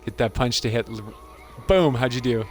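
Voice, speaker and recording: A man's voice: medium pitch, moderate pace, darkish tone, faint music behind. A man hosting a gaming channel, giving casual gameplay commentary in an amused, chatty way and laughing often.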